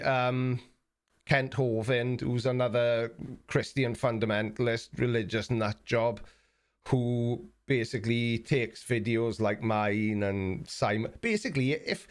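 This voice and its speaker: A man from South Wales with a South Welsh accent, hosting a casual live stream and reading out viewer messages. He rambles and stumbles over repeated words, speaking bluntly and mockingly. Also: medium pitch. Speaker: YouTube live stream host.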